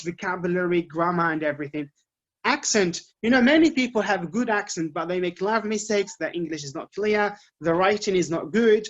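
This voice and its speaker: A man's voice: high voice, fairly bright tone. A man with an Arabic accent, a native Arabic speaker, teaching English learners in an advice talk, patiently repeating his points and checking in with "okay?". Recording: dull lo-fi recording.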